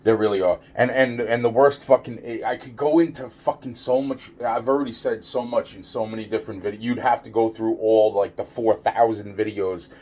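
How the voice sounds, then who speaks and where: Here a man's lowish, slightly mellow voice holds a steady tone at normal speed with hardly any pauses. Speaking straight to camera as a vlogger, he delivers a rambling, profanity-laced rant, repeating himself and stumbling over restarts.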